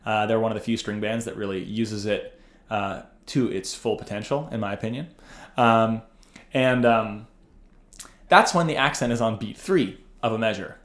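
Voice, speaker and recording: A man giving a casual music lesson, talking in a loose, relaxed way with plenty of ums and uhs. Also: fairly low pitch, normal speed. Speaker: bass teacher. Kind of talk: casual instructional talk. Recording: roomy echo with faint music.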